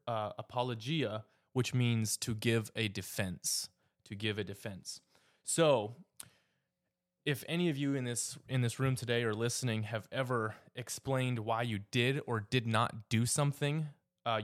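Canadian man teaching with halting fillers. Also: mid-range voice. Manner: halting, with frequent fillers and repeated words. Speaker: teacher leading a church discussion. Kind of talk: informal teaching talk.

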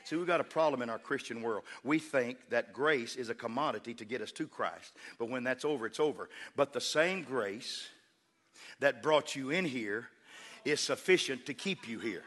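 A pastor preaching a sermon in a church, with a rhythmic, repetitive cadence and call-outs to the congregation. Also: male voice, medium pitch, normal speed, fairly bright tone. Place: church sanctuary. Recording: long hall reverb with instrumental music. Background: instrument playing under the sermon.

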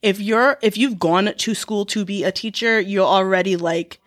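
A woman's voice: mid-range voice, normal speed. A young woman co-hosting a podcast, reading listener confessions aloud and reacting bluntly, swearing freely. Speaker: podcast co-host.

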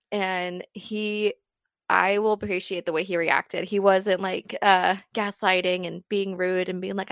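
A woman's voice: mid-range voice, fairly even intonation, a little slow, a bit bright, no room sound, clean studio sound. Candid swearing young woman storyteller. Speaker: podcast co-host. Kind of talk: casual chat.

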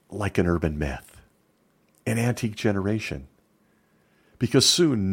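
A man's voice: sits low, husky. A middle-aged man giving opinion commentary in a sarcastic, emphatic way.

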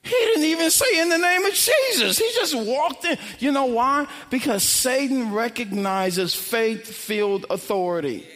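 A man's voice: very high-pitched, measured pace, hardly any pauses, fairly bright tone, big-room sound. A man preaching a sermon, telling a story with acted-out quotes and building to emphatic, repeated lines.

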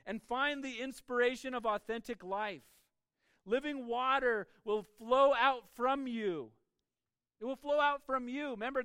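A man preaching a sermon as pastor, emphatic, with his voice swinging between soft and loud. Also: very high-pitched, clean tone, no room sound.

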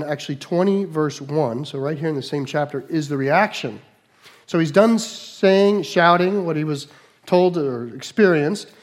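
With a voice pitched a bit above the typical man's, a pastor preaches with lively energy. His sermon moves between soft, conversational asides and lines he raises with emphasis.

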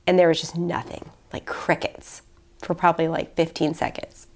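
A woman's voice: low-pitched, little pitch movement, moderate pace, a little mellow. A young adult woman talking casually and emotionally in a podcast conversation, full of "like" and restarts. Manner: heartfelt, many likes and restarts.

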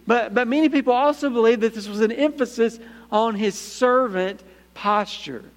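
A man preaching a sermon as pastor, emphatic, calling out for amens and dropping into hushed asides. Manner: emphatic, calls out for "Amen?", swings between punchy lines and hushed low asides. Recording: echoey hall reverb.

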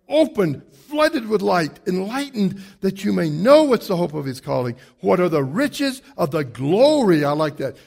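High-voiced man preaching an animated sermon. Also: vocal fry. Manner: emphatic, animated preaching with rhetorical questions; moves around a lot while preaching. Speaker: pastor.

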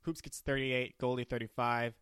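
A man's voice: medium pitch, little pitch movement, moderate pace, a bit bright, smooth, no echo, clean studio sound. A man co-hosting a podcast, recapping a reality show in casual chat with a crude, camp way of talking. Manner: crude, camp, recaps with bits of quoted voices. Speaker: podcast co-host.

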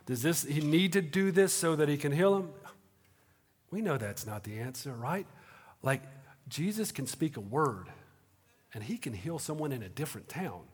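A man preaching a sermon in a conversational way, moving between hushed moments and animated bursts. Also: a little high, normal speed, slightly rough. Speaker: pastor. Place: auditorium. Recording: reverberant auditorium.

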